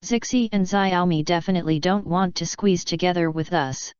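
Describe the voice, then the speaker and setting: A woman's voice: on the low side, steady tone, normal speed, smooth, dry recording, lightly acted. A woman reading a blunt, straight-talking young woman. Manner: blunt, direct. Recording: slightly dull lo-fi recording.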